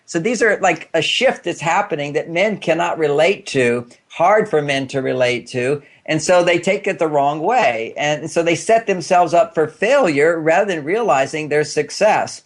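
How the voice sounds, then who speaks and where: A man's voice: on the high side, moderate pace, few pauses. An older man, a guest on a talk show, explaining relationships in a chatty way with frequent restarts and fillers. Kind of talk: radio talk-show interview.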